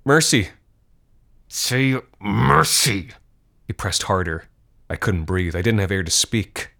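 A man reading a scripted horror story in a measured, grim manner. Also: low voice, a bit bright.

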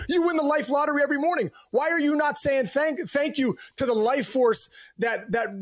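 A middle-aged man, a former ballplayer, telling lively stories as a podcast guest, calling people bro. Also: very high-pitched. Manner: energetic, storytelling with acted asides, calls people bro. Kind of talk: casual interview.

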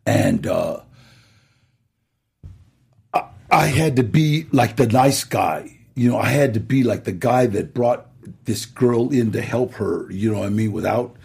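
A middle-aged man with a rough, gravelly voice and a heavy husky edge. He tells his stories with a lot of movement in his pitch, acting out the lines of the people in them and laughing along the way. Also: unhurried. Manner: animated storyteller, acts out quotes and laughs. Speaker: actor guest. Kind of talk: storytelling interview.

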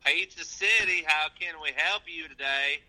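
A man putting on a folksy Southern pizza delivery man with a drawn-out twang. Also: on the high side, sharp tone, voice pushed up, low-quality recording. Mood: chipper. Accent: put-on Southern drawl.

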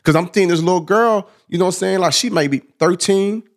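A man co-hosting a podcast, telling a personal story in a casual, animated, slang-heavy way. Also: sits high, a little fast. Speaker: podcast co-host.

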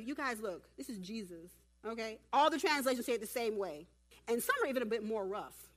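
A woman preaching at a church women's event, animated and humorous, talking directly to her audience. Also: on the high side, a little fast. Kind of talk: sermon.

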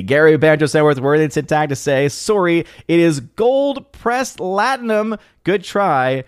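A man's voice: medium pitch, no echo, studio quality. A man hosting a casual live stream, chatting as he reads viewer comments aloud, with frequent restarts. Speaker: live-stream host reading chat.

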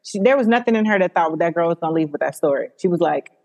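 A woman hosting a podcast, talking in an animated, emphatic casual chat and swearing freely. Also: on the low side, fast talker, dull audio. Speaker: podcast host. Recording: long hall reverb.

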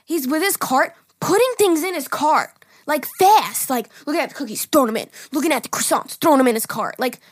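A woman in her twenties co-hosts a podcast, speaking briskly in a high voice with no room sound. She tells stories animatedly in casual chat, laughing often and swearing.

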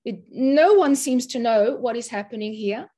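A woman in her sixties from Australia, a mental health first aid teacher, telling a personal story in an interview in an earnest, emotional, halting way. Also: a little high, lively intonation, warm tone.

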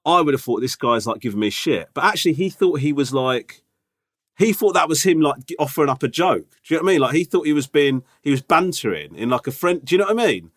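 A man's voice: a little high, big pitch swings, quick pace, a bit bright. A man co-hosting a podcast, telling anecdotes casually and often asking "do you know what I mean". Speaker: podcast co-host. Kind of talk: casual chat.

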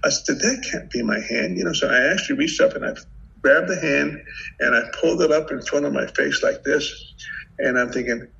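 A gravelly older man with a bright, forceful edge recounts a harrowing story, animated and vivid, stumbling over restarts as he relives it. The audio is dull and lo-fi. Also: on the high side, a little fast. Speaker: podcast guest, retired FBI agent. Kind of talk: casual storytelling interview.

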